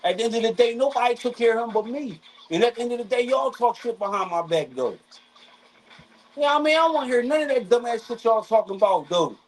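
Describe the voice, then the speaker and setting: A man's voice: extremely high pitch, lively intonation, fast talker, low-quality recording. A man streaming live craps and rambling in profane, restart-heavy casual chat. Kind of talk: casual chat while gambling.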